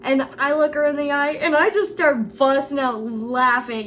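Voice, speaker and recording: A woman's voice: high voice, a little slow, hardly any pauses, fairly bright tone, slight background noise. A young woman vlogger casually telling a school story, chatty and laughing often. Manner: giggly, laughs through the story; chatty with frequent "like" fillers.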